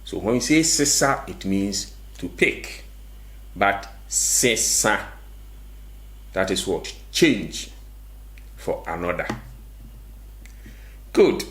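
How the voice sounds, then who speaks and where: A man teaches a language lesson at a very unhurried pace. His voice sits fairly low, and he repeats each word patiently, often posing a question and answering it himself. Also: sing-song, a bit bright.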